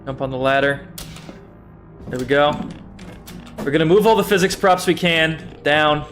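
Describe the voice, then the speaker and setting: A man's voice: fairly high pitch, moderate pace, a bit bright, faint music behind. Swearing young man streaming a game. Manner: chatty, swears freely, self-mocking, laughs often. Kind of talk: casual gaming livestream commentary.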